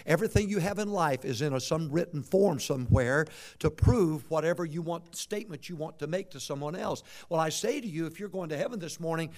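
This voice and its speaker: An older man from Michigan preaching a revival sermon, swinging from shouts to quiet folksy storytelling with humorous asides. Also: fairly high pitch, expressive, brisk, few pauses. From Michigan, USA. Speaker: visiting preacher.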